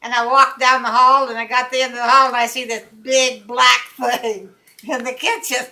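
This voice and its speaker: Bright-voiced older woman telling a story. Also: fairly high pitch, moderate pace, low-quality recording. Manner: animated, laughs often while telling; acts out quoted dialogue. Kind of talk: casual anecdote.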